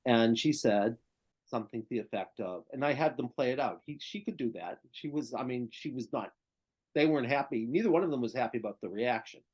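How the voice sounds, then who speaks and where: A man's voice: medium pitch, animated, a little fast, a little mellow, husky. An older male therapist telling a client story in conversation, often checking in with "right?" and "okay?".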